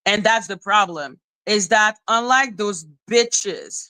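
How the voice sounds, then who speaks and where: A woman's voice: mid-range voice, slow, pushed and bright, no echo. A woman ranting on a livestream, heated and profane, who often repeats herself. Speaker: live streamer. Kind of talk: angry livestream rant.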